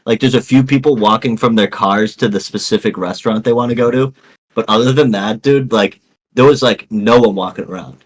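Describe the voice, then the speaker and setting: A man's voice: lowish voice, a little fast. Rambling young man swearing casually. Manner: rambling, swears a lot, says "dude" and "like" often. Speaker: podcast co-host. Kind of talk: casual chat.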